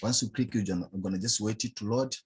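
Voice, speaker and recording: Husky low-voiced man walking through a tutorial. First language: not English. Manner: halting, chatty, addresses viewers as guys. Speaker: online money vlogger. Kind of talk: screen-recording tutorial walkthrough.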